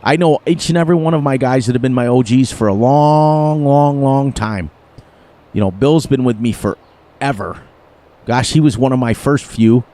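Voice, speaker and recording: A middle-aged man speaks at a moderate pace in a mellow, mid-range voice while streaming a farming game live. He chats casually with viewers, rambling and chuckling as he goes.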